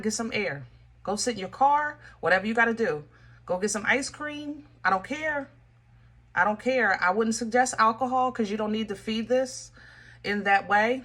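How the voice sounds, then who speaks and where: A woman's voice: a little high, lively intonation, unhurried, a bit bright. A woman from Pennsylvania giving a casual tarot reading, blunt and emphatic, with frank, folksy speech aimed straight at the viewer. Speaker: tarot reader.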